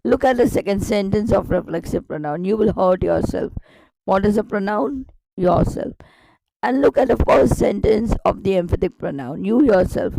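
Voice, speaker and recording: A woman's voice: mid-range voice, normal speed, creaky, dark tone, no echo, poor audio. A woman teaching a grammar lesson online, explaining step by step with repetition and rhetorical questions.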